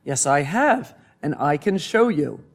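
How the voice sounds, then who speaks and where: A man's voice: on the high side, big pitch swings, measured pace, creaky, heavily acted. A man voicing an eager female duck in a storybook. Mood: keen.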